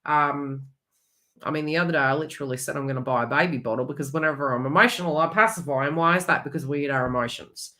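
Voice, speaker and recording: A woman giving a chatty, rambling astrology reading with animated asides. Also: low voice, fast talker. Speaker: astrology reader. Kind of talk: casual astrology forecast.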